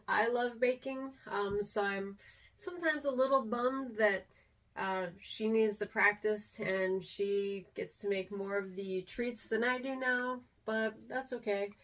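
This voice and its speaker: Woman, 40s, from Texas, easygoing vlogger, rambling and unscripted, mic a bit far off. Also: mid-range voice. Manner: meandering, unscripted, with frequent ums and trailing asides. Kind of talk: casual chat to camera. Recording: voice a little distant from the mic.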